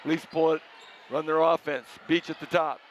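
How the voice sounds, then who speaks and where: A man doing play-by-play commentary for a high school basketball game, calling plays in short, brisk bursts. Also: steady tone, lo-fi sound, noisy background. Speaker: play-by-play announcer.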